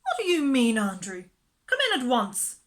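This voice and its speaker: Woman doing Miss Lark, shrill fussy lady. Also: wildly swooping pitch, normal speed. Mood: haughty. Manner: shrill, wailing and tearful. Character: fussy haughty lady doting on her dog.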